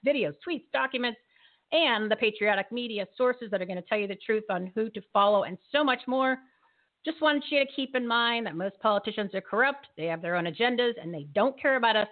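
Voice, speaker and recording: Energetic woman host on a tinny line. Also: mid-range voice. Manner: energetic, emphatic, rallying the audience. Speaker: live show host. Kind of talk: casual live show talk.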